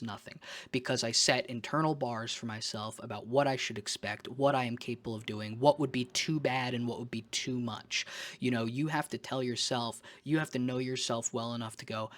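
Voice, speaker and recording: A man's voice: medium pitch, fairly even intonation, moderate pace, fairly bright tone. A man talking candidly in a casual personal vlog, rambling and emphatic, with casual swearing. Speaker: vlogger.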